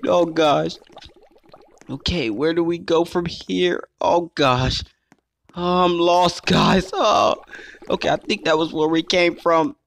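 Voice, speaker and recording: A man giving playful let's play commentary, excitable and talking straight to his viewers as he plays. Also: on the high side, slow. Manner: excitable, calls himself "your boy", keeps addressing viewers as guys. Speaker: gaming YouTuber.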